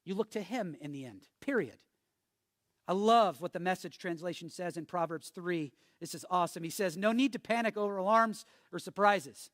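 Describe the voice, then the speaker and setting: A man's voice: high-pitched, normal speed, a bit bright, no room sound, clean studio sound. A man preaching a sermon as pastor, joking with the congregation and building to emphatic, repeated warnings. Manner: jokey, emphatic preaching with call-and-response.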